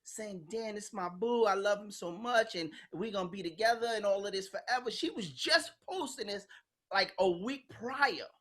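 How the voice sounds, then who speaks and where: A woman's voice: medium pitch, normal speed, a bit bright. A woman hosting a podcast in casual chat, talking bluntly and animatedly, acting out quoted voices and swearing freely. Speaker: podcast host.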